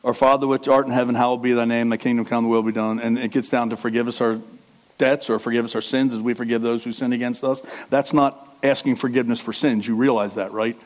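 A pastor preaching to a congregation in a conversational way, asking questions and joking. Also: male voice, mid-range voice. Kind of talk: sermon.

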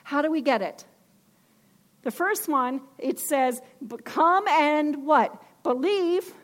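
A woman's voice: high voice, slow. A woman preaching a sermon with emphasis, asking her listeners questions.

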